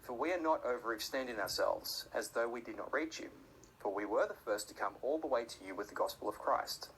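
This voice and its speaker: A man giving a conversational sermon, often slipping into quick acted-out voices for the people in his stories. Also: lively intonation, a bit bright, a little hiss or hum, poor audio. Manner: conversational, acts out voices with sudden high-pitched outbursts. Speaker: preacher.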